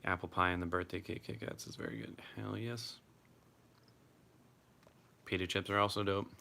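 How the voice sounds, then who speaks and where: Deep, bright-toned young man chatting. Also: moderate pace, vocal fry, slight background noise. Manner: relaxed, chatty, swears freely. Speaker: live streamer. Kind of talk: casual live chat reading comments.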